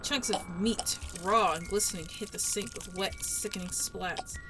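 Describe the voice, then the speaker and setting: A woman's voice: mid-range voice, normal speed, low-quality recording. Woman streamer narrating dramatically. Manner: dramatic narration with casual asides. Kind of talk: dramatic read-through of a game. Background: game music.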